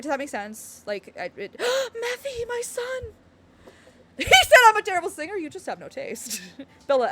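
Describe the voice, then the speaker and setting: A woman's voice: high-pitched, a bit bright. A woman streamer chatting casually on a live stream, bubbly and giggly, rambling with lots of fillers. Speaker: game streamer.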